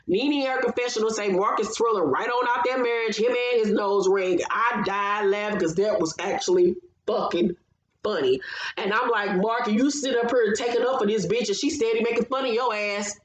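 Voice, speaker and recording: A woman's voice: mid-range voice, moderate pace. A woman recapping a reality TV episode in a blunt, sassy, heavily profane casual style. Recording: roomy, slightly dull recording.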